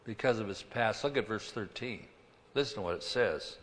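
Male pastor preaching, goes from loud punchy lines to quiet asides, long echo in the hall. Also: fairly low pitch, normal speed, slight background noise. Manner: dramatic swings between loud emphasis and quiet asides. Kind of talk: sermon.

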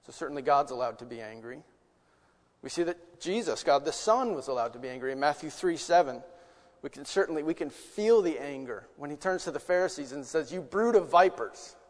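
A man delivers a sermon in a slightly high voice, earnest and conversational. He asks rhetorical questions and swings between loud emphasis and hushed asides. His voice carries a long echo, as in a large church hall. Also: lively intonation, a little fast. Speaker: preacher.

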